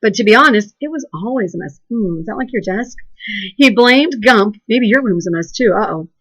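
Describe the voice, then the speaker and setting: A woman teaching second grade remotely, encouraging and animated as she guides a phonics lesson and reads aloud. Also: fairly high pitch, moderate pace, husky, rough recording. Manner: encouraging, animated, sing-song praise.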